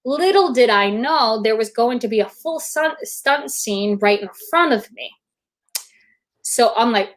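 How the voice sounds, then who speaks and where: A woman guest on a video-call interview, telling an animated anecdote and acting out quotes. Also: a little slow. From United States. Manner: animated, acts out quotes in high voices. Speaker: guest actor. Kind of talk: casual storytelling.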